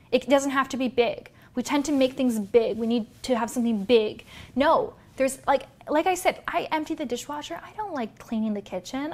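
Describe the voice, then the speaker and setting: A woman, a business coach and vlogger, giving an energetic, direct motivational talk to her viewers. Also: sits high.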